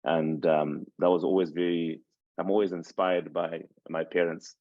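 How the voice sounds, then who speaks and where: Low-voiced man with Shona roots, dull dry sound. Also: level tone, moderate pace, dry recording. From Zimbabwe. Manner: reflective, rambling with frequent restarts and fillers. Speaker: podcast host interviewed as guest. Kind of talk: casual podcast interview.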